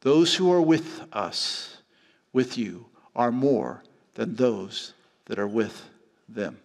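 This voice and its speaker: A middle-aged man preaching a sermon as pastor, telling stories with lively acted-out voices. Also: medium pitch, takes it slowly, creaky. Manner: animated storytelling, acting out voices. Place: church hall. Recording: church hall reverb with faint music.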